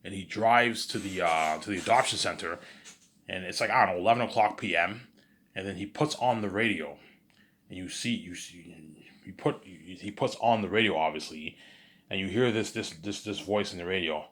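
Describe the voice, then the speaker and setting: A very deep-voiced man spins a story off the cuff, stumbling over his words and restarting sentences. He keeps asking whether you follow him, and his low voice carries the whole tale. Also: moderate pace, fairly bright tone. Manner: rambling, restarts often, keeps repeating "you know what I'm saying". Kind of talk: casual rambling retelling of an imagined film scene.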